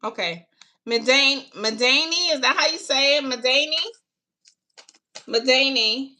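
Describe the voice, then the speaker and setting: A woman's voice: sits high, measured pace, sharp tone. A woman giving a casual live-stream tarot reading, who chats unhurriedly with viewers and calls them baby and honey. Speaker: tarot reader taking live questions.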